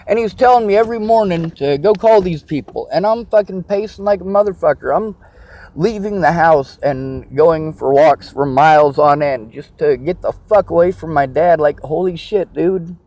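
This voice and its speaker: A man's voice: a little high, normal speed, darkish tone. A man venting to camera in an agitated, profane, repetitive rant. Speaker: vlogger. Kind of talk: angry personal rant to camera.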